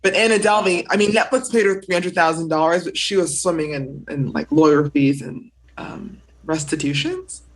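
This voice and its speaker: A woman's voice: sits low, normal speed, hardly any pauses, poor audio. A woman co-hosting a podcast, chatty and teasing in casual talk. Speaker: podcast co-host.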